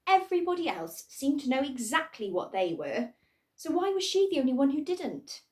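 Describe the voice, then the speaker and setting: A woman reading a children's storybook aloud in a playful, expressive way. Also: high voice, moderate pace, recorded from a distance.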